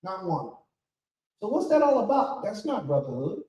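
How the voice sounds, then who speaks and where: A man giving a sermon as spiritual leader of a congregation, preacherly and rising to shouts. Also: sits high, very animated, moderate pace. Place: temple hall. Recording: echoey room from far off.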